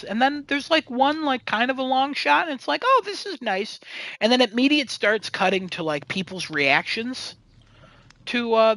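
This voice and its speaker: A man's voice: high voice, pushed and bright, no echo, rough recording. A man hosting a casual chat show, recapping a movie in a rambling, sarcastic way with lots of fillers and swearing. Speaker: podcast host.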